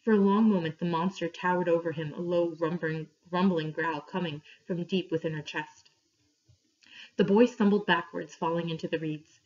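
A woman reading a story aloud to her class, clear and steady, pausing for questions. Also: fairly low pitch. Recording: dull lo-fi recording.

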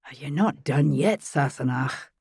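A woman voicing a weary, stoic Scottish husband in an audiobook, with a dry, gruff, understated delivery. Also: very deep voice, expressive, a little slow, darkish tone, no echo, full character voice. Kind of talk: audiobook character voice.

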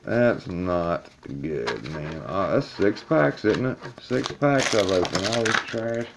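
A man's voice: lowish voice, lively intonation, unhurried, creaky, background noise. A man filming himself in a laundry room as he opens trading card packs, talking to his viewers in a casual, chatty way and growing frustrated. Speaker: YouTuber opening card packs. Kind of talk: casual video commentary. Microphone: camera on a table.

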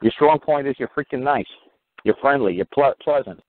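A man's voice: medium pitch, moderate pace, dry recording. A middle-aged man with a New York accent, giving blunt, profane, emphatic advice on a call-in talk show. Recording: tinny phone line.

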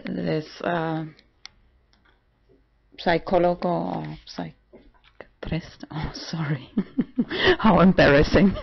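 A trans man in his forties talking casually in a vlog. He is halting and often breaks into laughter. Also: high-pitched, vocal fry, husky, dull audio. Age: 40s. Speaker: vlogger.

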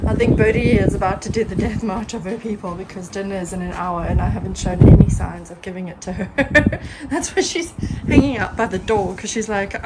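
A woman's voice: medium pitch, brisk. A woman vlogging casually in her garden on a handheld phone. She chats with viewers, giggles often and calls out to her dogs. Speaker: dog owner and vlogger. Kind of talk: casual vlog talk to viewers. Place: home garden outdoors. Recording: noisy outdoor phone recording.

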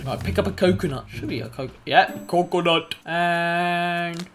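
A young man giving excitable, swear-filled let's play commentary as a YouTuber. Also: fairly high pitch, normal speed, background noise. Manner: excitable, swears a lot, bursts into yelps. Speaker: gaming YouTuber.

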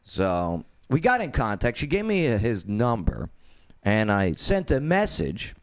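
A man hosting his own talk show, telling a story in a lively, animated way with quoted voices. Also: medium pitch, normal speed. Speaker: radio show host.

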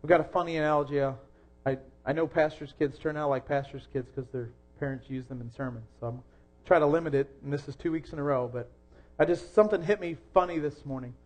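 A young man preaching a sermon in a church, earnest, rising to loud emphasis and dropping soft again. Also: fairly high pitch, fast talker, hardly any pauses. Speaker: pastor.

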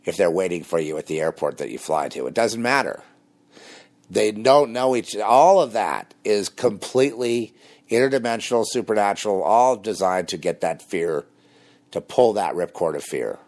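A man with a deep, low voice delivering a rambling, combative monologue. He shifts between heated bursts and hushed, confiding asides, and he mocks his critics as he talks. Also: expressive, normal speed. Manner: rambling and combative, mocking laughs. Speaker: host. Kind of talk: spoken monologue on religion and conspiracy.

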